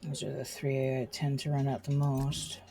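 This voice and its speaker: A middle-aged woman with a mellow, warm tone, chatting casually while she streams a game. She keeps muttering small asides to herself. Faint noise sits behind her. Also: extremely low pitch, completely flat delivery, moderate pace. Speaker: gameplay streamer. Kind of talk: casual let's-play chat.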